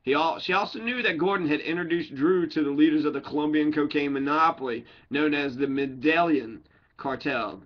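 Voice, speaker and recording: Man, somewhat high voice, casual read-aloud, joking tangents, self-corrections, muffled lo-fi sound. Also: normal speed. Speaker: audiobook reader.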